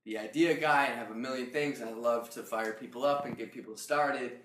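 A man's voice: medium pitch, a little fast. A man who founded a travel company talks casually in a group, acting out the lines of others as he tells stories. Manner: animated storyteller, acts out others' lines. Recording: echoey room, faint background noise.

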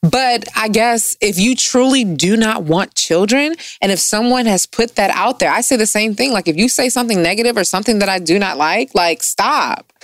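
Animated woman host in casual chat. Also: medium pitch, normal speed, hardly any pauses, dry recording, studio quality. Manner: animated, playful, jokey. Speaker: podcast host.

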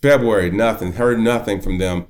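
A man's voice: lowish voice, moderate pace. A middle-aged man, a county judge, telling his story in an interview and acting out the dialogue he recalls. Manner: animated storyteller, acts out quoted dialogue.

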